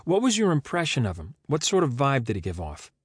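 A man's voice: medium pitch, wildly swooping pitch, brisk, breathy edge, no room sound, studio quality, pitched above the performer's own voice. A man voicing a patient, persistent woman investigator who keeps probing with questions.

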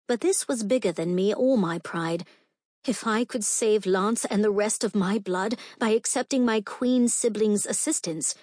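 A woman's voice: medium pitch, darkish tone, no room sound. Woman narrating a fantasy audiobook, dry.

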